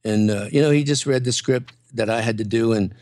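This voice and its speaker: A man's voice: mid-range voice, fairly quick, darkish tone. An older man, a comedian guest, telling rambling anecdotes in casual chat, full of fillers and restarts.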